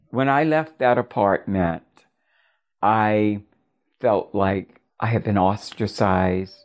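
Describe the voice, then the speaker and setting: An older woman from Florida narrating a personal story in a halting, intimate way. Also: rumbling low, lo-fi sound. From Florida, USA.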